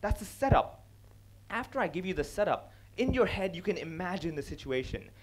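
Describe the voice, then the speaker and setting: Animated man on stage, lively pitch. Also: brisk. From India. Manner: animated, acts out other people's lines, laughs at own jokes. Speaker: stand-up comedian giving a talk. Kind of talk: stage talk on comedy, switching between English and Cantonese.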